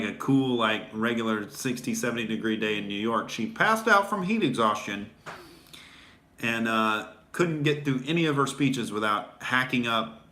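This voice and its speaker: A man's voice: lowish voice, bright, forceful tone, roomy sound. Sarcastic male comic ranting. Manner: sarcastic, mocking, swears freely. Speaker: comedian host. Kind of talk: sarcastic comedy rant.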